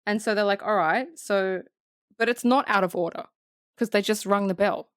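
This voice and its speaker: Swearing, animated woman podcaster. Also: medium pitch, normal speed, no echo, clean studio sound. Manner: animated, swears freely, acts out characters. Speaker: podcast co-host. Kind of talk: casual movie review chat.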